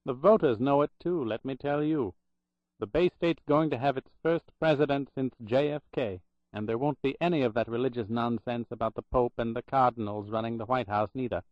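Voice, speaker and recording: A man's voice: medium pitch, normal speed, no room sound, muffled recording, lightly acted. A man voicing a chatty, portly woman hospital clerk with a Boston accent, gushing and gossipy.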